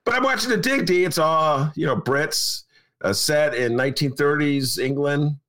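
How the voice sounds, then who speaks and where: A man's voice: on the high side, normal speed, fairly bright tone. A man in his sixties hosting a podcast, chatting casually in a rambling, emphatic way and repeating himself. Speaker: podcast host and journalist. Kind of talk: casual chat.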